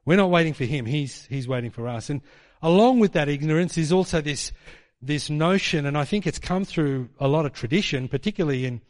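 A man preaching a sermon in a church hall, animated and mocking as he acts out quotes in put-on voices. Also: a little high. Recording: long hall reverb.

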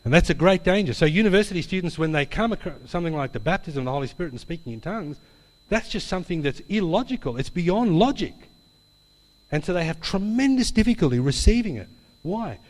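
A slightly high-voiced man delivers a sermon in a large, echoing hall, with a long reverb trailing his words. His preaching is conversational and anecdotal, full of asides and tag questions. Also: animated, fast talker. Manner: chatty storytelling with tag questions. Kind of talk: sermon with a personal story.

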